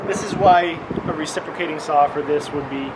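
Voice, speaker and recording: A man's voice: a little high, a little fast. A man talking casually with his partner during a home build, laid-back and practical. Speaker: vlogger's partner. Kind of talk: casual chat. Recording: loud noise, off mic.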